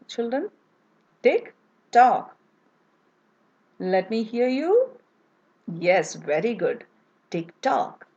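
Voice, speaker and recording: A woman's voice: lowish voice, darkish tone, slightly rough, low-quality recording. A woman teacher giving a lesson to young children, spelling out words letter by letter and praising them as they repeat after her.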